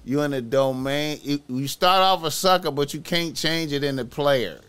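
A man's voice: on the high side, normal speed, a bit bright, smooth. A man streaming reaction commentary, profane and repetitive, stretching key words for emphasis.

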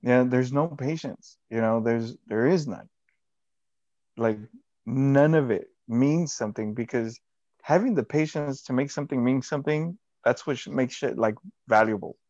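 A man's voice: mid-range voice, moderate pace, a little mellow, dry recording. Rambling man, dry, slightly dull sound. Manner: rambling, casual, heavy slang and swearing. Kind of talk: casual chat.

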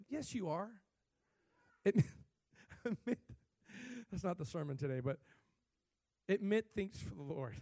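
A man preaching a sermon as pastor, talking animatedly, with sudden swells in pitch and loudness. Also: very animated, measured pace, long pauses, no room sound.

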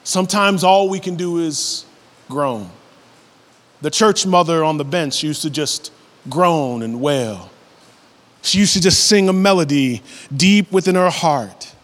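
A man with a notably high voice preaches a sermon, climbing into high, animated passages as he makes his points. His voice carries a long hall reverb around it. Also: a little slow. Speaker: pastor.

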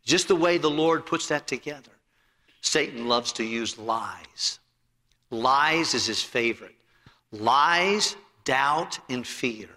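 A man preaching a sermon as pastor, telling stories from the pulpit, rising to loud emphasis and dropping to quiet asides. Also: medium pitch, expressive, takes it slowly. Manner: preachy and anecdotal, swings between loud emphasis and soft asides. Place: church sanctuary. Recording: long hall reverb.

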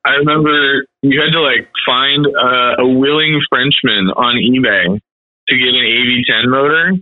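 A man's voice: mid-range voice, fairly even intonation, measured pace, no echo. A man chatting casually about mopeds in a laid-back, rambling way, full of "like" and "dude", swearing now and then. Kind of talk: casual chat. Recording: dry tinny phone-like line.

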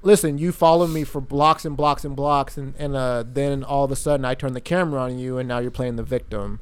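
A man's voice: mid-range voice, fairly even intonation, fairly quick, smooth, close to an everyday voice. A man quoting another man who insistently accuses a woman of following him and of being aggressive. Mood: accusing.

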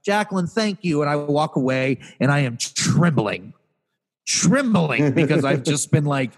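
A man's voice: fairly high pitch, expressive, a little slow, breathy edge, long reverb tail. A man co-hosting a podcast, telling an exasperated comic story in a casual rant and acting out the people he quotes in raised voices. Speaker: podcast co-host.

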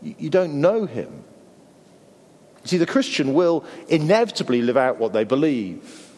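A man's voice: on the high side, big pitch swings, measured pace, darkish tone, long reverb tail. A middle-aged Englishman preaching a sermon in a conversational way with wry asides.

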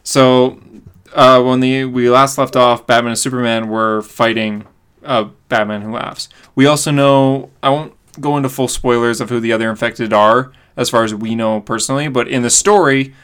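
On a casual comic book podcast, a male co-host excitedly recaps the plot at a middling pitch and normal speed. His clear, resonant voice is loose and conversational, dotted with fillers and little laughs.

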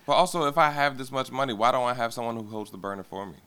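A man co-hosting a podcast, telling stories in animated, profane chat that often trails off into mumbles. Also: mid-range voice, rapid-fire, clean tone. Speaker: podcast co-host. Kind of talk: casual chat.

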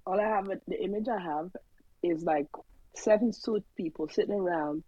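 A woman with a low, dark, husky voice chats casually as a podcast co-host. She stammers and repeats herself while she laughs at the story. The sound is dull and dry, like a lo-fi microphone. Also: moderate pace, no echo. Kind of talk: casual chat.

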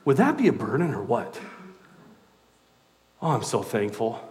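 With a medium-pitched voice and an unhurried, measured delivery, a middle-aged Californian man gives a sermon as a pastor. He's lively and chatty, drawing on personal anecdotes.

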